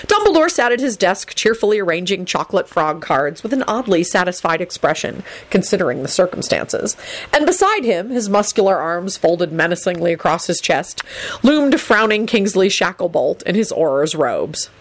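Animated woman narrating a story. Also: on the low side, moderate pace, no echo. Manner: animated narration with voiced characters. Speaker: audiobook narrator. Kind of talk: expressive story reading.

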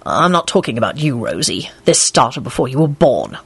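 A woman's voice: very deep voice, big pitch swings, moderate pace, creaky, breathy edge, dry recording, pitched below the performer's own voice, full character voice. A woman voicing a moody, volatile man who mumbles and snarls, in an audiobook. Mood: sullen. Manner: sullen, snarling.

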